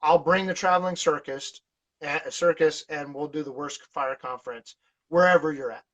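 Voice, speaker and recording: A man's voice: fairly high pitch, moderate pace. A man talking as a podcast guest in casual conversation, rambling through stories with many fillers and restarts. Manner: animated, laughs while telling stories. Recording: dull lo-fi podcast audio.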